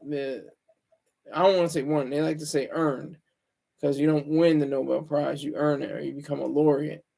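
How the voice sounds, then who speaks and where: A man talking alone on his livestream, rambling and opinionated, often stopping to correct himself. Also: on the high side. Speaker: streamer. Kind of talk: casual solo livestream monologue.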